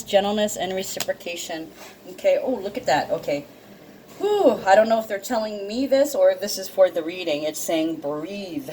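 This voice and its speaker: A woman's voice: medium pitch, darkish tone, slight background noise, poor audio. A woman giving a casual tarot card reading to her viewers, emotional and teary, laughing often and swearing freely. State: teary and sniffling. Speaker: intuitive card reader.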